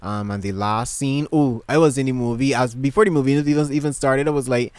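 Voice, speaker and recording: A man's voice: medium pitch, fairly quick, darkish tone, slight background noise. A man vlogging casually from his bedroom, gushing and emotional, rambling with lots of fillers and restarts. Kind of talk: casual chat to camera.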